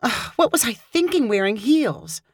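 A woman reading a story aloud, voicing a cheerful, confident woman customer with a bright, playful manner. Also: on the high side, animated, measured pace, slightly rough, dry recording, studio quality, voice pushed up.

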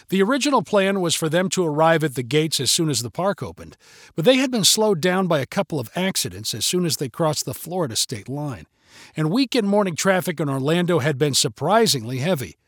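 A man narrating a story in a steady, measured reading voice on a close mic. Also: on the high side, no room sound.

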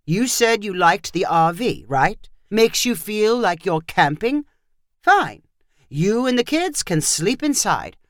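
A woman's voice: medium pitch, sing-song, takes it slowly, dry recording, clean studio sound. A woman voicing a stubborn, frazzled British husband who talks in clipped, determined lines.

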